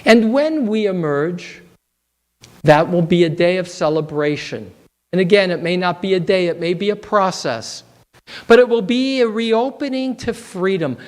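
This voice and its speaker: Slow, reflective male rabbi. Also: sits high. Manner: measured, reflective storytelling. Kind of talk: sermon with storytelling.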